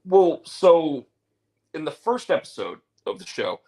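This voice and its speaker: A man's voice: on the high side, big pitch swings, unhurried, dark tone, rough recording. Rambling male podcast host. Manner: rambling storyteller, many fillers and restarts. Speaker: show host. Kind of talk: casual chat.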